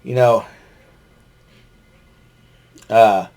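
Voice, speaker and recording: A man's voice: fairly low pitch, steady tone, extremely slow, gravelly, a little mellow. A man casually recapping a wrestling show, rambling with many fillers and restarts and chuckling often. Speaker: podcast host recapping wrestling.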